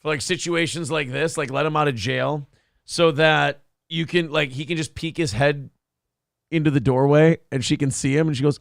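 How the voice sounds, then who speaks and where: A man co-hosting a morning talk show, mocking a video with jokes and quick laughs. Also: fairly high pitch, steady tone, creaky, dry recording, studio quality. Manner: joking, mocking, laughs often. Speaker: radio show co-host. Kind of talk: casual comedic commentary.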